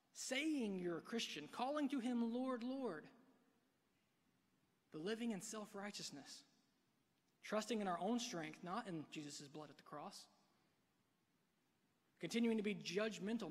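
High-voiced man preaching in a reverberant hall. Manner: dynamic preaching, swinging from hushed to loud. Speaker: pastor. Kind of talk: sermon. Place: church sanctuary. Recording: long reverb of a large hall.

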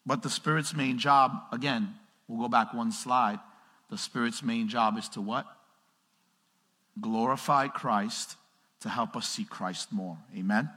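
Male pastor, energetic sermon, bright and a touch husky, big reverberant church hall. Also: mid-range voice, unhurried. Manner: energetic, calls out to the congregation, swings from loud to hushed. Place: church sanctuary. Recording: long reverb of a large hall.

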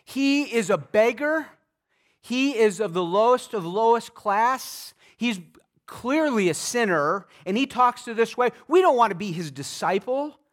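Preacher guy doing snooty outraged old-school religious leaders, highish voice. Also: moderate pace, a bit bright. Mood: indignant. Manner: raised, haughty and outraged. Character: indignant scornful male religious leaders.

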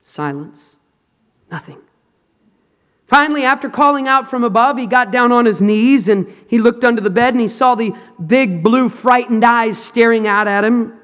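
Male preacher, high voice, dramatic hushed-to-loud delivery, long hall reverb. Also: moderate pace. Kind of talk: sermon. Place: large hall with an audience.

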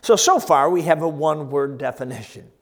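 A man preaching a sermon, telling stories with animated quotes and frequent laughter before teaching. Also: a little high, fairly quick.

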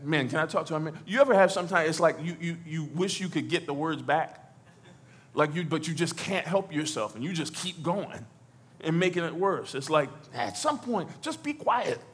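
High-pitched animated male preacher. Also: normal speed, slightly rough. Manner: animated, rises to shouts and drops low; stammering repeats, playful asides. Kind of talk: sermon. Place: church.

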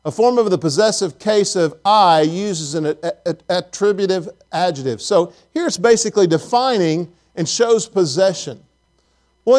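A man's voice: high voice, a little mellow. A man preaching a sermon in church, telling folksy stories and asking the congregation questions. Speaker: pastor.

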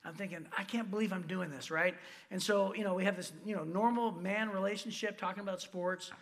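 A man from Michigan preaching a sermon as pastor, telling lively personal stories with asides and quoted voices. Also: sits high, fairly quick.

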